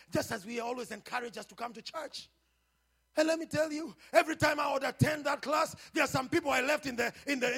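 A man preaching as a pastor, building from quiet teaching into shouted, half-sung exhortation and calls to the congregation. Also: extremely high pitch, gravelly, slightly rough. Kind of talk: sermon.

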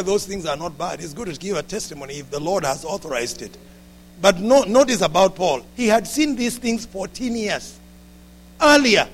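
High-voiced pastor preaching. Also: male voice, slight background noise. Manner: animated preaching, rising to shouts, with frequent asides to the congregation. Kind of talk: sermon.

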